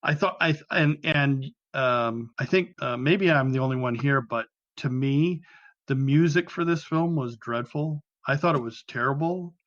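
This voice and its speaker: A man's voice: medium pitch, unhurried, a bit bright, no room sound, lo-fi sound. A man on a podcast panel giving a casual, critical film opinion, full of restarts and fillers. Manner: hesitant, many restarts and fillers, dry critical.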